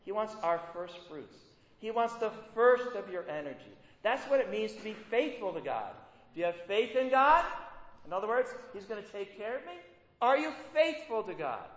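A pastor preaches conversationally, frequently tossing rhetorical questions at his listeners. His male voice is high-pitched, sing-song and a bit bright, at normal speed. The recording comes from an echoey hall and has a dull, lo-fi sound.

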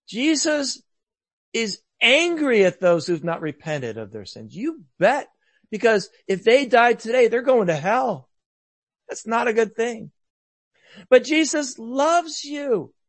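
A man preaching a sermon earnestly, rising to loud emphasis and dropping to hushed, soft lines. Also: high voice, dry recording.

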